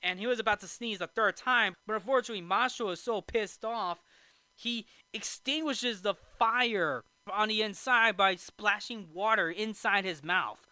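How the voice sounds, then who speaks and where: A man's voice: sits high, moderate pace, sharp tone, smooth, dry recording. A man hosting a movie review show, casually recapping a film in a rambling way with restarts and asides.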